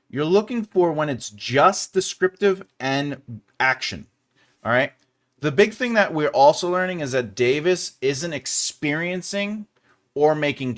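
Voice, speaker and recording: A man with a clear New York accent explains story and pacing to a live audience. His pitch is animated and his delivery stays conversational. He laughs often as he reads viewer comments. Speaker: developmental editor hosting a live stream. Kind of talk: live-stream writing lesson.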